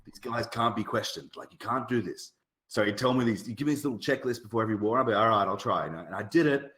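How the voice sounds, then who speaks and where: A man's voice: lowish voice, fast, fairly bright tone, roomy sound. An Australian man telling stories in casual podcast chat, swearing freely and laughing often. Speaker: podcast guest, guild shot caller.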